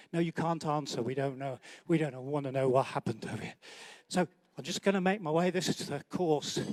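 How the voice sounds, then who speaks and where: A man with a high voice hosts an awards night in a large indoor banquet hall, joking live as he walks between tables and teases guests by name. The recording has no room sound.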